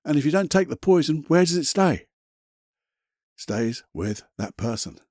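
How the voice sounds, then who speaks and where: A man's voice: a little high, sing-song, measured pace, darkish tone, no room sound, clean studio sound. A man hosting a self-help podcast, talking in a blunt, chatty, motivational way with the odd mild swear. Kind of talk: casual motivational monologue.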